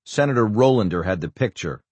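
A man narrating an audiobook thriller in a steady, even storytelling voice. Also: on the low side, a little fast, breathy edge, dry recording. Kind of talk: scripted narration.

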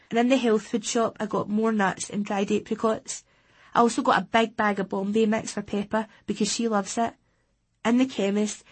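Husky Scottish woman reading a story. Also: medium pitch. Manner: plain, steady storytelling as a teenage boy. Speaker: audiobook reader. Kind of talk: first-person audiobook narration.

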